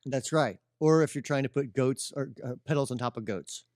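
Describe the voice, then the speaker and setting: A man's voice: medium pitch, moderate pace, a little mellow, dry recording, clean studio sound. A man from Indiana with a slight drawl, co-hosting a casual podcast chat, joking and laughing often. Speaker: podcast co-host.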